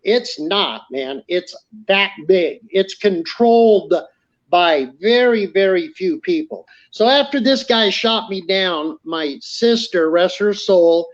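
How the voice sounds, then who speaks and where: A man's voice: high-pitched, slow pace, muffled recording. A middle-aged man, telling stories casually as a podcast guest and acting out the voices of people he quotes. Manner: animated storyteller acting out quoted dialogue. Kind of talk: casual storytelling.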